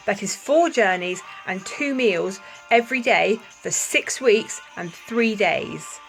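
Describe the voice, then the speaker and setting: A woman's voice: medium pitch, expressive, slow, a bit bright, soft background music, poor audio. A woman talking to camera in a casual vlog, emphatic and indignant with apologetic asides. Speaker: vlogger.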